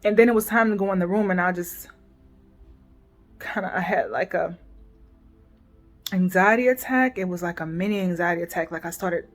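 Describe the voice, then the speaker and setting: A woman in her forties talking through a painful family rift in a personal vlog, emotional and halting, often restarting and trailing off softly. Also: on the low side.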